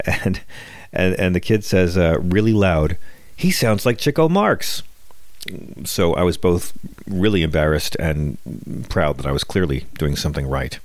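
A man's voice: deep voice, darkish tone, no echo. A middle-aged man hosting his own podcast, delivering a sardonic, wisecracking political comedy monologue with frequent restarts. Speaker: podcast host.

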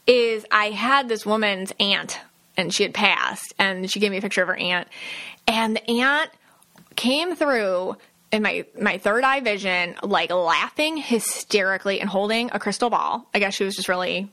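Woman podcast host, chatty and bright, casual solo talk full of asides. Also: medium pitch. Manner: chatty, lots of fillers and quoted asides. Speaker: podcast host, psychic medium.

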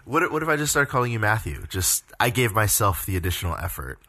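A man co-hosting a casual podcast, playful and teasing, thinking aloud with pauses. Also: fairly low pitch, very animated, bright, forceful tone. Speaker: podcast co-host.

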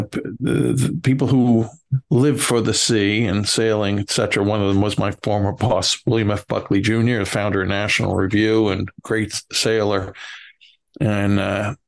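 A middle-aged man with a Bronx accent, cohosting a podcast in casual chat, halting with many stammered restarts. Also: on the low side, level tone, vocal fry.

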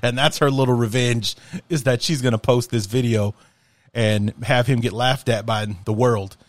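A man's voice: mid-range voice, fairly even intonation, moderate pace, no echo. A man hosting a casual solo podcast, talking in an impassioned, rambling and profane way. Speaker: podcast host.

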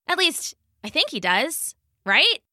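A woman voicing a young female spellcaster who talks quickly and wryly, in a storybook reading. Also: sits high, sing-song, pushed and bright, dry recording, clean studio sound, pitched above the performer's own voice, heavily acted. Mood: brisk.

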